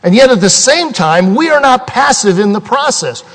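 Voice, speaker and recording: A man preaching a sermon as pastor, earnest and emphatic, slowing down to stress key points. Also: extremely high pitch, animated, a bit bright, long reverb tail, low-quality recording. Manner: earnest, emphatic preaching with slowed dramatic phrasing.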